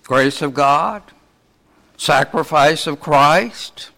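Male preacher, slightly high voice, slow measured delivery, rhetorical questions. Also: creaky, sharp tone. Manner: asks the congregation many rhetorical questions. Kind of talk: sermon.

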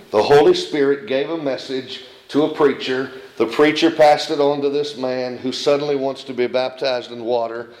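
A man's voice: mid-range voice, a little hiss or hum. A man preaching a sermon, telling a story and acting out the voices of the people in it. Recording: echoey room.

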